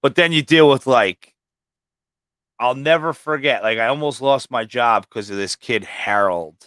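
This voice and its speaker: A man's voice: medium pitch, a little slow, fairly bright tone, clean tone, no echo. Man telling rambling profane stories. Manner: rambling, heavily profane storytelling. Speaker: livestream guest. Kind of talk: casual storytelling.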